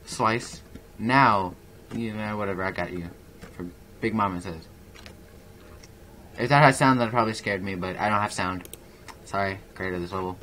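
Young man, low voice, casual gameplay commentary, rambling and self-mocking, faint hiss behind. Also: normal speed, pauses often, pushed and bright. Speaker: gaming YouTuber.

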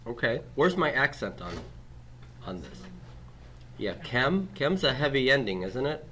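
A man's voice: medium pitch, very animated, a little slow, sharp tone. A man teaching grammar in a classroom lecture, quizzing students and tagging his points with "right?". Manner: patient, steps through rules on a board.

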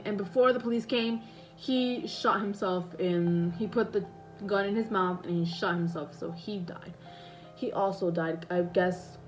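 A young woman tells a story in a loose, rambling way, often stopping to correct herself, in a voice of ordinary middle pitch. Faint music plays quietly behind her. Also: rough recording. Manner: rambling, self-correcting retelling with many fillers. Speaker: vlogger. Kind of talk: casual storytime.

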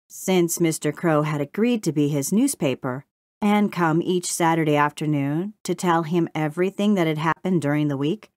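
Woman reading a kids' storybook, slow and calm, lowish voice, dry close sound. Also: no room sound. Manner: slow, measured, gentle storytelling. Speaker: audiobook narrator. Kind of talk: scripted storybook narration.

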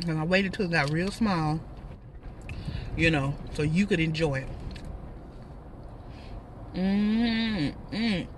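A woman's voice: on the low side, slow, long pauses, recorded from a distance, slight background noise. A woman in her thirties with a Texas accent, chatting casually and laughing while she eats in her parked car. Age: 30s. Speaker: vlogger. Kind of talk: casual car mukbang chat.

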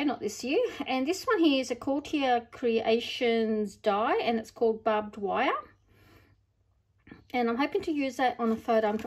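A middle-aged woman with an Australian accent, chatting casually as she unboxes craft supplies, gushing with delighted exclamations. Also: a little high. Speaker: craft vlogger.

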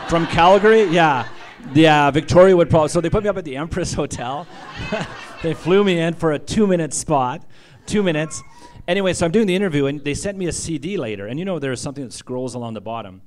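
A middle-aged man, an author, giving a humorous storytelling talk to writers, animated and self-deprecating, laughing at his own jokes. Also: mid-range voice, quick pace. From Canada.

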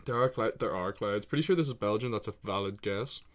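A man streaming live, chatting casually and excitably to himself and his viewers while he plays a geography guessing game, swearing freely. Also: on the low side, fast talker.

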